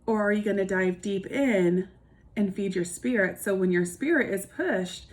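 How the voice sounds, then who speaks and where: A woman's voice: mid-range voice, normal speed. A woman giving an earnest devotional reflection, speaking casually with restarts and asking her listeners many searching questions.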